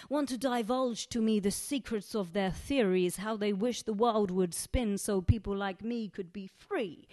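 A woman performing spoken-word poetry as a worldly Egyptian woman, speaking with an Egyptian accent in a dry, sardonic, unhurried way. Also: medium pitch, warm tone, close to an everyday voice.

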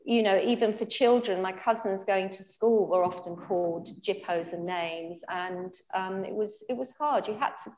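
A woman poet talking thoughtfully on a panel, pausing and restarting often. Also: mid-range voice, darkish tone. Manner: thoughtful, hesitant with many restarts. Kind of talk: panel discussion at a literary event. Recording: roomy hall sound.

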